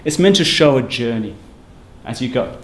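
Man, academic seminar speaker, quick and emphatic, roomy lecture hall with faint hum. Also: mid-range voice, lively intonation. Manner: brisk, emphatic, conversational lecturing. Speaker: university lecturer giving a seminar. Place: lecture room. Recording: echoey room with faint ambient noise.

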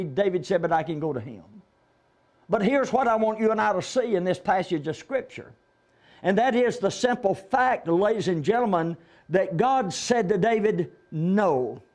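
A man's voice: high voice, darkish tone. A man preaching a conversational sermon in a church, retelling Bible stories and quoting the figures in his own voice.

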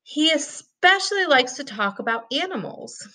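A woman's voice: high voice, big pitch swings, moderate pace, pushed and bright, voice pushed up, full character voice. A woman voicing an earnest, friendly young schoolgirl in a read-aloud storybook. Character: young schoolgirl, kind and a bit worried.

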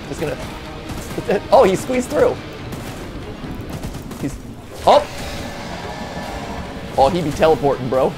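A man hosting a casual let's-play, excitable and joking, shouting at the game as he plays. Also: a little high, slow, pauses often. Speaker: host. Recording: game music behind.

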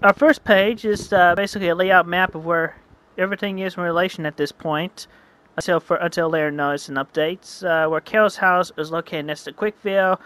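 A home narrator reading a homemade comic aloud, halting and correcting itself, adding mouth sound effects. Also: medium pitch, fairly bright tone. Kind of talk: casual read-aloud narration.

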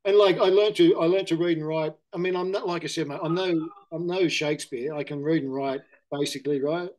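A man's voice: on the high side, steady tone, a little fast, darkish tone. A middle-aged Australian man in casual candid conversation, rambling and correcting himself, often saying mate. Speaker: interview guest.

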